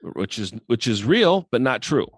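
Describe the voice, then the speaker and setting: A man co-hosting a sales podcast in casual conversation, who acts out quoted dialogue with sharp jumps in pitch. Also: very animated, measured pace, no echo, studio quality. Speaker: sales coach and podcast co-host.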